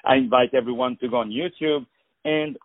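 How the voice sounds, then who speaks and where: A man's voice: medium pitch, fairly quick, no echo, phone-quality sound. Gushing radio host man, dry studio sound. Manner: effusive, lavish with praise, repeats words. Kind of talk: phone interview on radio.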